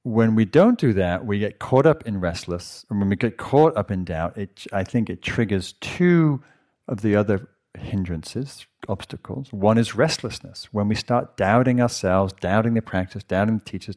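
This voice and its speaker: A man, a meditation teacher, giving a gentle, conversational dharma talk to a retreat audience and asking them questions. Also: fairly low pitch, moderate pace. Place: meditation hall.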